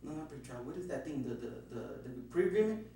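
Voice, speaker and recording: A man's voice: fairly high pitch, expressive, fast talker, dark tone. A man being questioned, nervously rambling through his account with lots of swearing and restarts. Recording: very echoey room, distant mic, faint hum.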